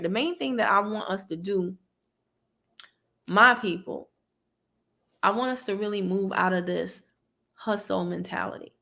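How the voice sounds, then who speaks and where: A woman's voice: mid-range voice, creaky, fairly bright tone. A woman, hosting a live stream, chatting casually with her viewers and laughing often.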